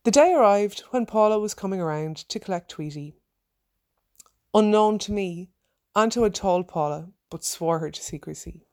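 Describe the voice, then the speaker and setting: A woman reading a personal story aloud, acting out her own shouted lines with energy. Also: medium pitch. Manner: lively, acts out her own shouted quotes.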